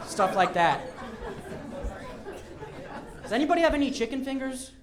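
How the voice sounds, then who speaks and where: A man's voice: very high-pitched, big pitch swings, moderate pace, very noisy. A stand-up comedian from Denver doing a live club set, a man with a giggly, nervous, self-mocking delivery. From Denver, Colorado, USA. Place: comedy club stage before a live audience. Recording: echoey club with loud crowd laughter.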